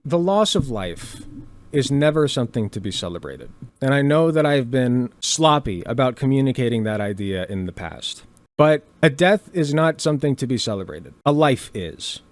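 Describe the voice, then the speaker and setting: A man's voice: a little high, no room sound. A man giving earnest commentary, asking pointed rhetorical questions. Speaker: commentator in a played clip. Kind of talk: measured commentary.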